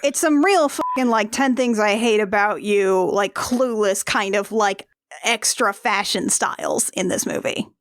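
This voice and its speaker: A woman's voice: mid-range voice, measured pace, dry recording. A woman guest on a podcast, chatting casually about a film with incredulous, sarcastic remarks and some swearing. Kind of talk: casual chat recapping a film.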